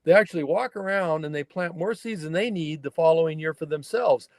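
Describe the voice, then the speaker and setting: An older man from the Northern California mountains, a wild horse fire researcher, speaks as a guest in a conversational storytelling interview. His voice sits a little high and moves a little fast, recorded dry with clean studio sound. He tells his stories in a folksy, emphatic way, acting out the dialogue in his anecdotes.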